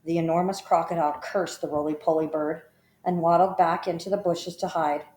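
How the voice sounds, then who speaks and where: Woman reading a children's story aloud; lowish voice, measured and expressive, roomy echo.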